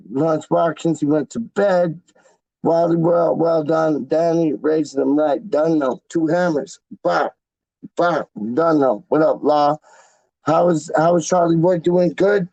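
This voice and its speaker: A man hosting a casual livestream, with a gravelly, somewhat high voice. His tone is dark and mellow, and the sound is close and dry. He rambles in slang, repeating himself and calling people "dog" and "man.". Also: slow, no echo, highs cut off. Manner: rambling, talks straight to the live chat. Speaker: fan channel livestream host.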